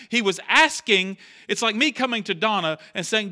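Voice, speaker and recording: A man's voice: high voice, animated, fairly quick, hardly any pauses, bright, forceful tone. A man preaching a sermon in church, talking conversationally, repeating key phrases and acting out quotes. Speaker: pastor.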